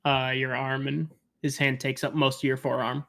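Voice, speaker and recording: A man's voice: mid-range voice, flat delivery, moderate pace, gravelly, bright, forceful tone. A man running a tabletop game as game master, describing characters with small stammers.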